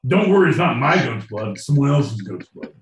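Animated joking man, roomy sound. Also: medium pitch, brisk, far from the mic, slight background noise. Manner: jokey, slips into silly voices and bits. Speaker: podcast co-host. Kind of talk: casual comedic chat.

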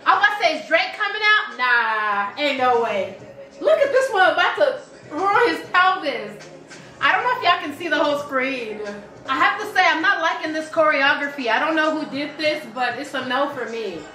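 A woman's voice: high-pitched, animated, moderate pace, bright, forceful tone, roomy sound, poor audio. A woman hosting a live reaction video, chatty and exclamatory, singing along now and then.

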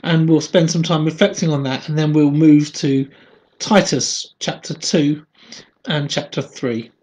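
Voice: medium pitch, unhurried. A prayer leader opening midday church prayers in a casual, laughing manner with many fillers, and reading hymn verses. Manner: laughs often, relaxed, friendly filler-heavy talk. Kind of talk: casual chat and leading prayers.

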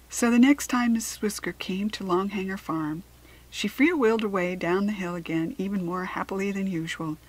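A woman reading a children's storybook aloud in a soft, often whispered narration. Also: mid-range voice, breathy edge, low-quality recording. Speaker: children's book reader.

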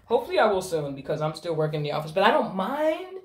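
A woman's voice: on the low side, very animated, fast, a little mellow, slight background noise. A young adult woman chatting casually to her phone camera, swearing freely as she talks. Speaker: vlogger. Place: bathroom. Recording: echoey bathroom.

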